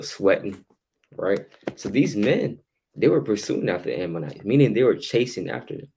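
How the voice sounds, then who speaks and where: A man with a very low voice leads a relaxed Bible study. He reads scripture aloud, then breaks it down in loose street slang, tagging "man" and "you know" onto his sentences. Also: normal speed, vocal fry, slight background noise. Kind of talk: casual scripture teaching.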